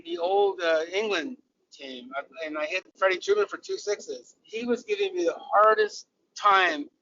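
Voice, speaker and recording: Here the same kind of speaker, an older former cricketer from Southern California with an American accent, chats through stories as an interview guest, with restarts and laughter. He sounds high-pitched, bright and forceful, taking his time. Slight background noise sits under a dull recording with the mic well away from him.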